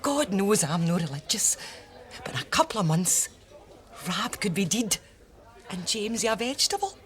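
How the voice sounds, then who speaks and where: A woman's voice: mid-range voice, sing-song, normal speed, noisy background, natural voice. An actress playing a scheming, gleeful wife plotting with her friend. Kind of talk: TV sitcom acting.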